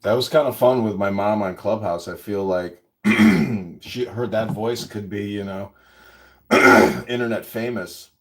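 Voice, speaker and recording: A man's voice: lowish voice, steady tone, a little slow, slight background noise. A man chatting casually and rambling through stories with many likes and you-knows. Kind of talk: casual chat. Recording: roomy echo.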